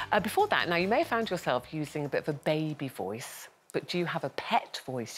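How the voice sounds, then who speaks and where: A woman hosting a live daytime talk show, chatty and teasing, laughing often. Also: low-pitched. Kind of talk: live daytime panel chat.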